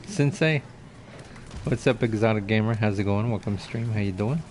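Casual male streamer, lowish voice, friendly repetitive viewer greetings over faint game audio. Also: normal speed, darkish tone, a little hiss or hum. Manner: chatty, greets viewers by name, repeats himself. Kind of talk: casual live game commentary. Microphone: desk mic, no headset.

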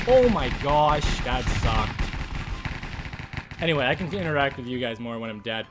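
A man's voice: medium pitch, expressive, normal speed, long pauses, music in the background. A young man, live streaming a game and chatting casually with viewers, greeting and teasing them as he reads the chat. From Canada.

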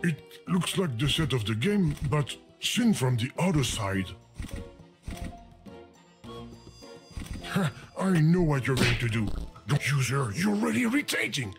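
Casting: a high, fussy talking video game, scolding and panicky, over game music. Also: male voice, sing-song, moderate pace. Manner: indignant, scolding, panicky outbursts. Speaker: game narrator character.

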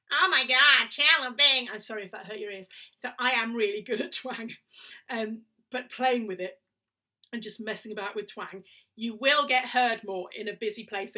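A woman with a southern English accent teaches singing in a loose, chatty way, breaking off into small laughs and quick demonstrations. Her voice is bright and forward. She sits a little back from the microphone. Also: on the high side, recorded from a distance. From England. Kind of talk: casual spoken lesson.

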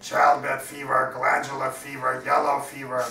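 A man's voice: medium pitch, monotone, measured pace, crowd noise, natural voice. A man voicing an anxious, bumbling male pirate who frets and blusters, recorded from a distance in an echoey hall. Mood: fretful. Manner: fretful, then blustering. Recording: echoey hall, distant mic, faint hiss.

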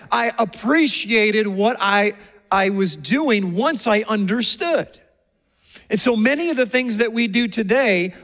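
A man with a high voice delivers a sermon, telling stories with energy and acting out the people he quotes. His voice rings through a large hall with a long reverb. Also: a bit bright. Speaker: pastor.

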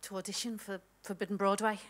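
A woman's voice: mid-range voice, little pitch movement, fast. A woman in a comic sketch playing an auditioning actress, answering in a breezy, playfully oblivious way.

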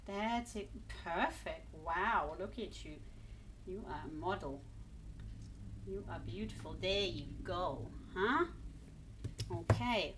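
Woman from England, a pet owner filming at home; slow, gentle, encouraging delivery with faint background hum. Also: medium pitch. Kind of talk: coaxing talk to a pet.

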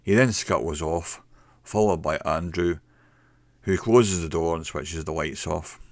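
A man narrating a mystery story in a slow, measured way. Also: low voice, no echo.

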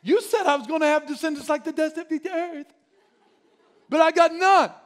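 A man's voice: very high voice, lively intonation, a little slow, fairly bright tone, voice pushed up, exaggerated voice. A man voicing a frustrated biblical patriarch who complains to God, pleading and repeating himself. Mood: exasperated complaining.

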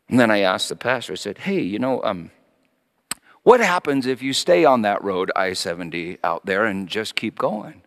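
A man's voice: medium pitch, very animated, moderate pace, fairly bright tone, long reverb tail. A middle-aged male pastor preaching a sermon as a story, acting out his children's voices.

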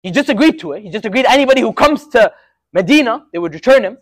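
A man's voice: very high voice, animated, quick pace, no echo. A young man giving an informal religious storytelling lesson to a student group, talking casually and conversationally and using frequent Arabic filler words. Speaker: student speaker at a university Muslim association.

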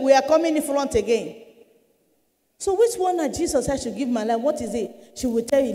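A woman's voice: high voice, lively intonation, a little fast, dark tone. A woman evangelist, telling her testimony earnestly and dramatically in a church hall. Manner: earnest storytelling, dramatic shifts. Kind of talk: testimony sermon.

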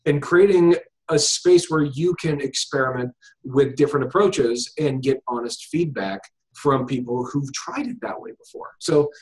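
A man who teaches hypnosis chats casually as a guest in an interview, thinking aloud with lots of fillers and restarts. His voice is medium in pitch and normal in speed. The audio is poor, coming through a video call.

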